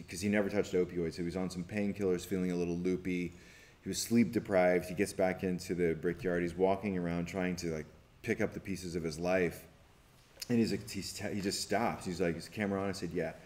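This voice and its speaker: A man, a documentary filmmaker, telling a story on a festival panel in an animated way, acting out quotes, with many restarts. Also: low voice, moderate pace.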